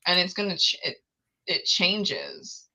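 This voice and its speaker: A woman's voice: lowish voice, huge pitch swings, slow, bright, forceful tone, rough recording. A woman hosting a livestream, chatting frankly and emphatically and laughing often. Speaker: livestream host. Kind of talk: casual chat.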